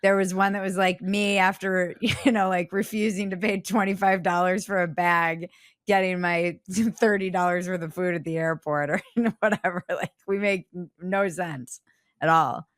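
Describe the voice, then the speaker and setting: A woman's voice: lowish voice, fairly even intonation, normal speed, dry recording, clean studio sound. A woman hosting a podcast interview, chatty and self-deprecating. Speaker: podcast host. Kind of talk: casual interview chat.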